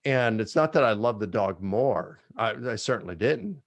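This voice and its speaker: A man with a low voice speaks in a heartfelt, reflective way as a Q&A guest. The sound is dry and close, with no room echo. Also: animated, normal speed. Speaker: guest author. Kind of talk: personal reflection in a Q&A.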